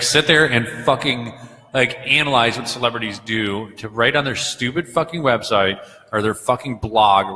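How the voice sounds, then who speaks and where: A man co-hosting a casual pub podcast, talking in a profane, rambling, animated way. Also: mid-range voice. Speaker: podcast co-host. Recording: long hall reverb.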